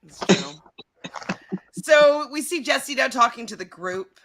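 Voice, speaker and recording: A woman co-hosting a casual recap chat about a reality show, chatty and quick to laugh, often reading from her notes. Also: high voice, animated, fairly bright tone, slight background noise.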